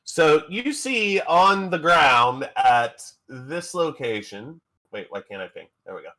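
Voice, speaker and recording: A man running a tabletop game as game master, narrating scenes and throwing in quick playful asides. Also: on the high side, very animated, pushed and bright.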